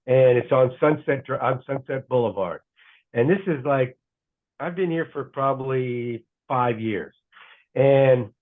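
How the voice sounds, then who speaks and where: A middle-aged man, a guest broadcaster, telling casual rambling stories on a podcast and correcting himself as he goes. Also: mid-range voice. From United States. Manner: rambling, self-correcting anecdotes. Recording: tinny phone-like line.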